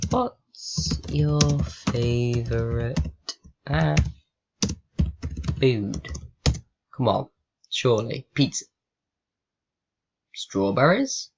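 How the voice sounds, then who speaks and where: Casting: young guy, unhurried sarcastic vlog chat, dull lo-fi laptop sound. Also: mid-range voice, creaky. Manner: sarcastic, swears, reads typed questions aloud. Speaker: vlogger. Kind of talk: casual chat with a chatbot.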